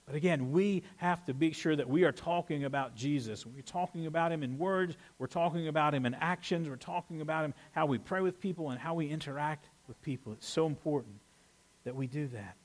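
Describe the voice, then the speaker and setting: A man preaching to his congregation in a relaxed, conversational way. His voice sits a little higher than most men's, and he jumps into lively, playful asides. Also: brisk. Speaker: pastor. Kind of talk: sermon.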